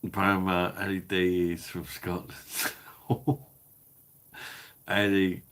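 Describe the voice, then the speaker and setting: A deep-voiced man with a Cockney-Kentish accent, chatting to his live audience at an easy, slow pace. He swears freely and chuckles along as he talks. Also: flat delivery, fairly bright tone. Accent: Cockney-Kentish English. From London. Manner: laid-back, sweary, chuckling banter. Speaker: livestream host reading chat. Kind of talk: casual live chat.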